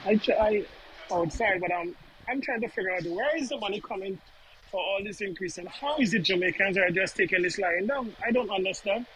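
A man with a fairly high voice sounds baffled and exasperated on a panel. A faint hiss sits behind his speech. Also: brisk, fairly bright tone, rough recording. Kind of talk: casual discussion.

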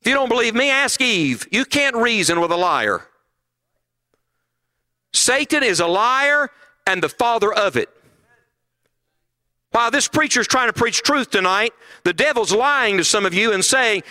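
A man's voice: very high voice, lively intonation, measured pace, pauses often, pushed and bright. A middle-aged man preaching a sermon at a conference, emphatic and full of rhetorical questions.

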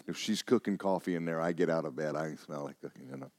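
A man's voice: very deep voice, quick pace, darkish tone, no echo. A man preaching a sermon as pastor, mixing joking asides with fervent calls.

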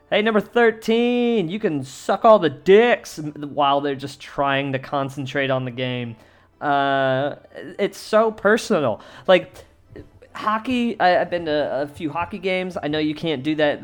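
A man's voice: medium pitch, smooth. A man who is a stand-up comic hosts a casual comedy podcast, rambling with many fillers and restarts, and swearing freely. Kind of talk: casual monologue.

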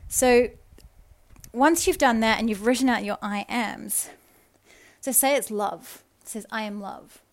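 Woman hosting a self-help podcast, kinda high voice, soft earnest coaxing tone, slows right down for affirmations. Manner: addresses listener affectionately. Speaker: podcast host. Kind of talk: spiritual self-help talk.

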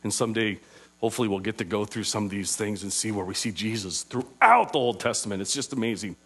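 A man preaching an interactive sermon, asking his listeners questions and slowing down on key phrases. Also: lowish voice, lively intonation, a bit bright, husky. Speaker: preacher teaching a group.

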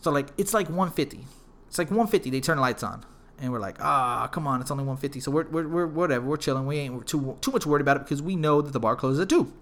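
A man's voice: on the high side, lively intonation, quick pace. A man hosting a podcast who tells stories in a rambling, profane, slang-heavy way. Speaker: podcast host. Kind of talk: casual storytelling.

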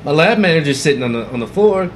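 Guy on a podcast telling a crazy story, cussing a lot, slightly high voice, faint hum behind. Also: quick pace. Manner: profane animated storytelling, acting out quotes loudly. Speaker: podcast co-host.

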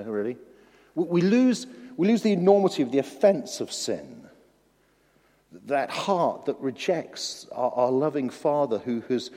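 A man preaches a lively sermon and acts out the voices he quotes. His words often stumble and restart. His voice carries a long reverb from a church hall. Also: fairly high pitch.

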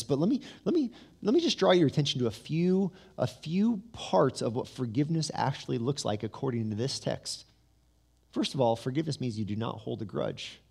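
A man preaching a sermon as pastor, telling the story with lively asides and humor, then dropping to a soft, low voice for weight. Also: gravelly, slightly rough. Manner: drops to a soft, low voice for emphasis.

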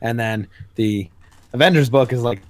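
A man's voice: mid-range voice, normal speed, dry recording. A young man co-hosting a comics podcast in casual, rambling chat, full of fillers. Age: young adult. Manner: rambling, many fillers, acts out quotes. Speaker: podcast co-host.

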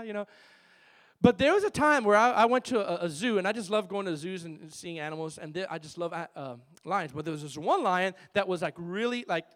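A male pastor preaching a sermon in a church, calling out to the congregation for answers and telling lively stories. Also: high voice. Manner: emphatic call-and-response preaching with lively storytelling. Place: church with a worship team.

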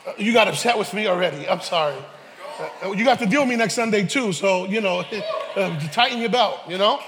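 A man preaching a sermon, animated, with joking asides and shouted peaks. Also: high-pitched, fairly quick. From New York, Harlem. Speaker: pastor. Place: church sanctuary. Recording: reverberant church hall.

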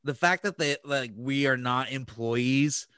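Casual podcast host, a man with a sharp, dry voice who tells stories with lots of swearing. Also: medium pitch, unhurried, smooth, no echo. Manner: profane, rambling with restarts. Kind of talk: casual storytelling chat.

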